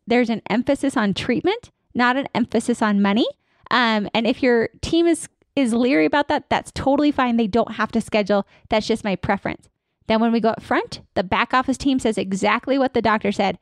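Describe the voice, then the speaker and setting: Woman, consultant, energetic, slightly high-pitched, dry studio sound. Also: brisk, no echo. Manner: energetic, upbeat, acts out staff and patient lines. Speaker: dental practice consultant. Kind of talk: podcast interview guest.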